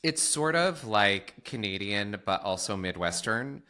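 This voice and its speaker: A man from Syracuse, New York, co-hosting a podcast in casual chat, gushing and quick to laugh. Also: fairly low pitch, animated, pushed and bright. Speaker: podcast co-host.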